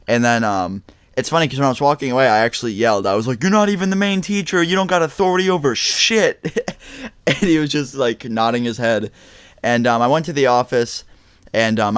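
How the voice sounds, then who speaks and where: Young man, storytime vlogger, animated and swearing, dry close recording. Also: on the low side, smooth, dry recording. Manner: animated, swearing, acts out quotes with loud outbursts. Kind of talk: casual storytime vlog.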